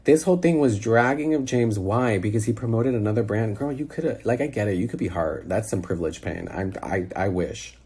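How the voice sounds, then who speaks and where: Husky-voiced man ranting in exasperation. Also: lowish voice, expressive, darkish tone. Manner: exasperated, rapid-fire rhetorical questions. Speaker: social media personality. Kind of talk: phone-recorded rant. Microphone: phone held close.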